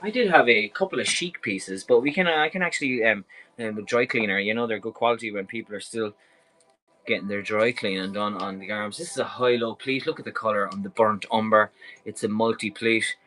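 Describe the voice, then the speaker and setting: A man's voice: on the low side, brisk, pushed and bright, low-quality recording. An Irish man hosting a live clothing sale, talking in a chatty, enthusiastic and rambling way. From Ireland. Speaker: live-stream clothing seller. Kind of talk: casual live sales patter.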